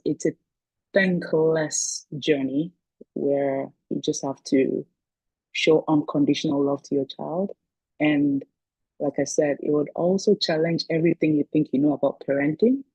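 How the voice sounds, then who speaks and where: Husky, warm-voiced woman speaker. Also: low voice, dry recording, highs cut off. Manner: chatty, storytelling, laughs between points. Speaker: guest speaker, parent coach. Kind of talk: casual talk on a video call. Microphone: video call.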